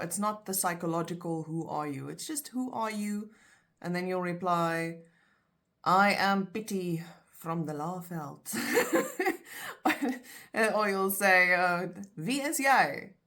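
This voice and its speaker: A South African woman teaching phrases in a casual, chatty language lesson, explaining with everyday examples. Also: mid-range voice. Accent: South African (Afrikaans).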